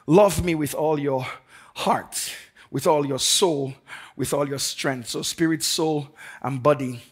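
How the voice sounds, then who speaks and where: A man's voice: a little high, slow pace, husky. A man preaching a sermon to a congregation as pastor, emphatic and fervent, leading the people in call and response. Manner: emphatic, building to fervent declarations. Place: church service before a congregation.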